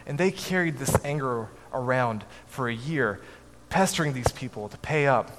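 A man's voice: medium pitch, animated. Man telling a story in an echoey hall. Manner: measured, dropping softly at line ends. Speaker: speaker telling a family story. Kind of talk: storytelling talk to an audience. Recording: echoey hall, faint background noise.

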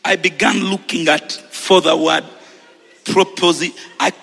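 A Ugandan man preaching a sermon, shouting and repeating phrases with exuberance, then settling into a relaxed storytelling tone. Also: sits high, a little slow, vocal fry, husky, in a large hall, faint music behind.

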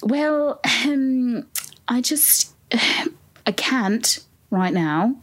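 A woman's voice: fairly high pitch, animated, very slow, exaggerated voice. A woman improvising a rambling, bumbling castle kidnapper in a comedy scene, chatty and jumping between ideas. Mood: scheming.

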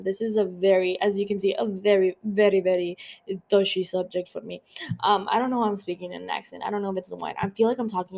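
A young woman hosting a podcast, talking quickly and casually with lots of swearing and filler words. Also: mid-range voice, steady tone, creaky, darkish tone. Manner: fast, profane, lots of "like" fillers. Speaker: podcast host. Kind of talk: casual chat.

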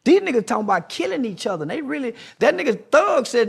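A man's voice: very high voice, very animated, fast talker, vocal fry, few pauses, slightly rough. A man being interviewed who argues in a preachy, confrontational way, hammering the same rhetorical questions again and again. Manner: mocking impressions in a raised voice. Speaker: guest. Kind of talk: heated podcast interview.

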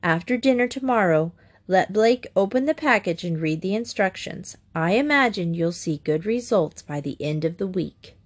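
A woman reading aloud, voicing a cheery, kindly older woman who speaks calmly. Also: mid-range voice, moderate pace, natural voice. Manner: cheery, calm.

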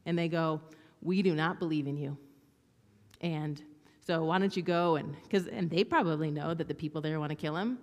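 A woman preaching a sermon in a conversational, animated way, acting out quoted lines with sarcasm. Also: deep voice, moderate pace, long reverb tail. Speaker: pastor.

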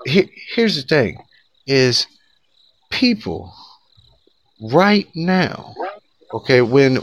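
A man co-hosting a casual podcast, ranting sarcastically and swearing freely. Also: mid-range voice. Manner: profane, sarcastic, animated ranting with laughs. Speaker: podcast co-host. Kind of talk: casual political podcast rant.

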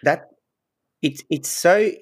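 A man's voice: a little high, takes it slowly, slightly rough. A male podcast host asking long, searching questions full of fillers and restarts. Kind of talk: interview questions.

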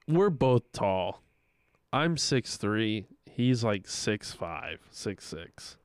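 A young man with a smooth, resonant voice tells animated stories on a casual podcast, acting out the people in them. He swears freely, and the sound is dry and close with no room echo. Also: fairly low pitch, extremely slow. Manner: animated storytelling, acts out quoted voices, swears a lot. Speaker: podcast co-host.

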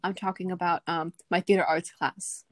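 A woman's voice: fairly low pitch, little pitch movement, normal speed, no echo. A woman co-hosting a podcast in casual chat, giggling and laughing often. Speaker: podcast co-host.

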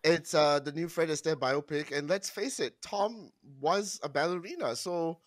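A man's voice: a little high, normal speed, dry recording, studio quality. A man in casual chat, telling stories, swearing casually and laughing often.

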